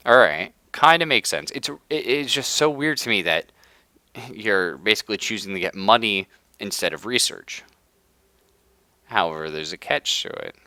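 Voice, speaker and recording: A young man live-streaming a strategy game, hoarse from being sick, ranting in casual chat and laughing often. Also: lowish voice, lively intonation, normal speed, pushed and bright, no room sound. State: hoarse from illness. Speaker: livestreamer.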